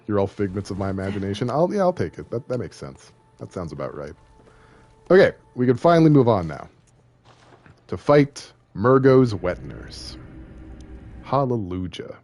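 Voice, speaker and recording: A man's voice: lowish voice, big pitch swings, moderate pace, darkish tone. A young man streaming a game, chatting casually, joking and rambling, often poking fun at himself. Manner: joking, rambling, self-deprecating. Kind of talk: casual live-stream commentary.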